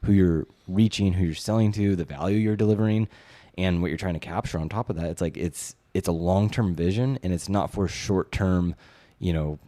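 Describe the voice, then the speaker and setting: A man co-hosting a casual marketing podcast, thinking aloud in a relaxed way with plenty of "it's like" restarts. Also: low voice, moderate pace, dry recording. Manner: relaxed, talks it through with many "it's like" restarts. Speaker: co-host, brand strategist.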